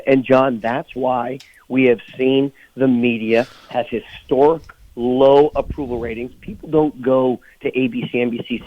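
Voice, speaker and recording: A man's voice: mid-range voice, highs cut off. A man speaking as a guest on a radio talk show, indignant and emphatic. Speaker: political guest. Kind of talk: phone-in radio interview.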